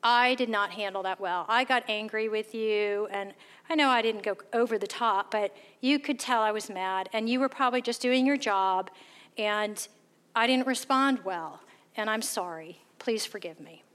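A woman's voice: medium pitch, normal speed, clear, resonant tone. A woman giving a candid, self-deprecating faith testimony, animatedly acting out the voices of people in her stories. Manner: animated, acts out quoted voices. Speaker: speaker sharing faith testimony. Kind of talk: storytelling testimony talk.

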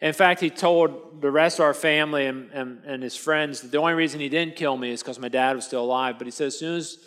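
A man's voice: fairly high pitch, steady tone, a little fast, a bit bright. A man delivering a first-person dramatic monologue in a casual storytelling manner, full of tag questions and restarts.

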